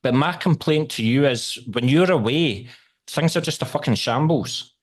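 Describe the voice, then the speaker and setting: Teasing Scottish interviewer. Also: male voice, mid-range voice, moderate pace. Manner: joking, teasing, swears casually. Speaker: interviewer and radio host. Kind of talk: casual video call interview.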